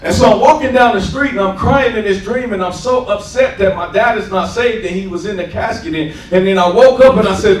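High-voiced preacher in an echoey church. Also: male voice, brisk, hardly any pauses, far from the mic. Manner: call-and-response asides, repeats "right?". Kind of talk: sermon with personal testimony. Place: church sanctuary.

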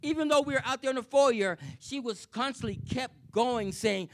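A man's voice: extremely high pitch, animated, normal speed, few pauses, fairly bright tone. A man preaching a sermon, telling his own story and asking the congregation "Amen?" as he repeats key lines. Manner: repetitive, asks the congregation "Amen?"; personal testimony, intense.

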